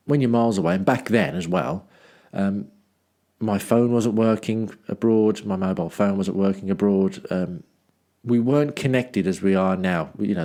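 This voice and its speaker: A low-pitched man from Dudley reads out his travel journal for his podcast. He drifts into wry, self-mocking asides and rambles, with plenty of ums and restarts. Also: creaky, warm tone. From Dudley, England. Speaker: podcast host. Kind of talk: reading a travel journal and chatting about it.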